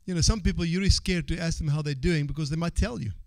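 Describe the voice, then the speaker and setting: A man preaching a sermon as pastor. He moves from quiet asides to shouted exhortation, repeats phrases and calls out for amens from the congregation. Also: on the high side, fast talker, no room sound.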